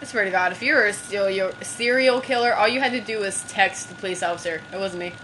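A woman playing a video game with a cousin, trash-talking loudly and then sulking in a low mumble. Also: fast talker, slight background noise. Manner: loud, swings between yelling and mock-sulky mumbling. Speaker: podcast host playing a game. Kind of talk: casual gaming banter.

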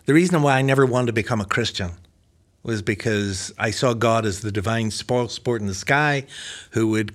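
Older pastor with Irish-American accent, chatty guest, self-mocking humor. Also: male voice, medium pitch, moderate pace. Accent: Northern Irish mixed with American. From Northern Ireland. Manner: chatty, self-deprecating, laughs at his own jokes. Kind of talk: casual interview conversation.

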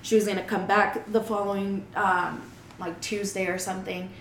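A loud, lively young woman, speaking in casual chat and switching between English and Spanish. Her voice sits at a middle pitch. The room is echoey, with faint noise behind her. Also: normal speed. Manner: loud, animated storytelling, mixing English and Spanish.

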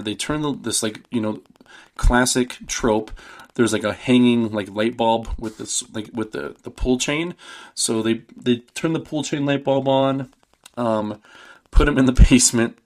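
A man hosting a podcast, casually retelling a horror film in a loose, rambling way full of "like" and "um". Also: medium pitch. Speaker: podcast host. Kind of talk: casual movie recap.

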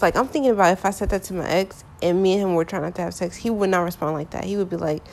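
A woman's voice: on the low side, a little fast, a little mellow. A young woman talking candidly about her relationships in a casual, frank monologue full of filler phrases.

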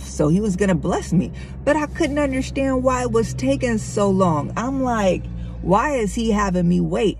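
A woman's voice: fairly low pitch, a little mellow, a little hiss or hum. A middle-aged woman speaking candidly and conversationally to her listeners, sharing a personal faith testimony. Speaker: Christian vlogger.

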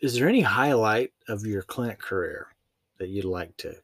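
A man's voice: fairly low pitch, lively intonation, fairly bright tone, slightly rough, no room sound. Man hosting an interview in a dry room. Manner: friendly, halting questions with fillers. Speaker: podcast host. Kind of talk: casual interview talk.

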